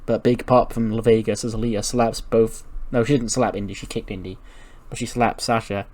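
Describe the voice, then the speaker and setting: A man's voice: on the low side, flat delivery, moderate pace, darkish tone. A man hosting a gaming channel, narrating a let's-play in a rambling, casual way, swearing freely and laughing.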